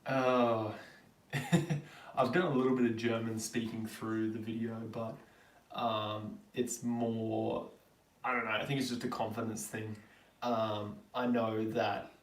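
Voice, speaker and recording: A man's voice: lowish voice, flat delivery, measured pace, distant mic. A young Australian man hosting a live Q&A stream, chatting casually as he answers viewer questions. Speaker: livestream host. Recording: roomy, from off the mic.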